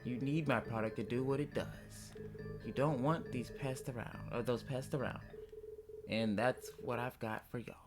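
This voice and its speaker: A man voicing a pushy, smooth-talking male traveling salesman in a game, with slow, drawn-out patter. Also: mid-range voice, fairly even intonation, over music, natural voice. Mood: smarmy.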